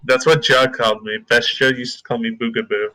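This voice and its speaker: Male podcast co-host, bright edge, goofy banter. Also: medium pitch, steady tone, fairly quick, poor audio. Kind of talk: casual chat.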